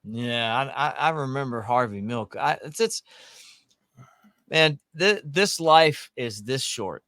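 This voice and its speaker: A man's voice: mid-range voice, expressive, takes it slowly, pushed and bright, dry recording, clean studio sound. A man hosting a casual sports talk show, rambling and folksy with many restarts. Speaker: podcast host.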